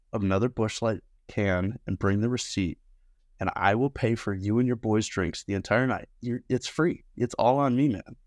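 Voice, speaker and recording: A man's voice: no room sound, clean studio sound. A young man, a bartender and podcast guest, telling stories casually and acting out quotes in a raised voice. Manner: animated, acts out quotes in higher voices. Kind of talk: casual storytelling.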